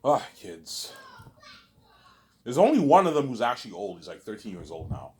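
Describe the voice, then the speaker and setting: Man, very low voice, casual halting monologue full of repeats, light background noise. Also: wildly swooping pitch, a little mellow. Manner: repetitive, halting, many restarts. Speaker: vlogger.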